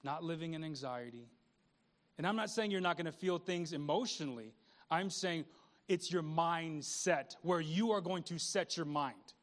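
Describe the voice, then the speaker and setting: High-voiced man preaching a sermon. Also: moderate pace. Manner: conversational, repeats words, asks the congregation questions. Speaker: pastor.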